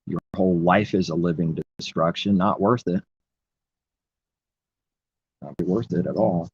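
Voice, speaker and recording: Low husky preachy man. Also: unhurried, dull audio. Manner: preachy, rambling, repeats phrases. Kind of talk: impassioned religious monologue.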